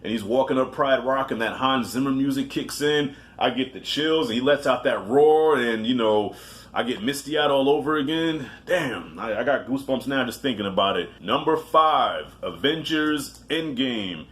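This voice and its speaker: A man's voice: mid-range voice, animated, normal speed, fairly bright tone. Profane, loose-talking man ranking movies. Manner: loose and profane, with self-mocking asides; rambling with frequent restarts. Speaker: movie reviewer. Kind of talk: casual movie countdown commentary.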